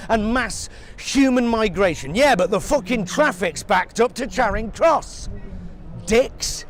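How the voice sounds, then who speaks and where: A man's voice: high-pitched, slight background noise. A man delivering a sarcastic, profane ranting monologue as a satirical commentator.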